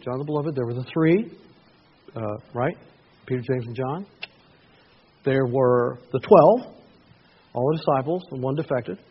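Husky preacher, lo-fi church tape. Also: male voice, mid-range voice. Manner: conversational, asides and laughs, bursts into loud excited shouting. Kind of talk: sermon. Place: church sanctuary. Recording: dull lo-fi church recording.

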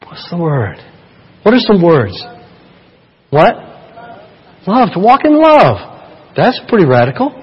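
A man's voice: high voice, husky. A man preaching a sermon in a church, chatty and playful, joking with the congregation. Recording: church hall reverb.

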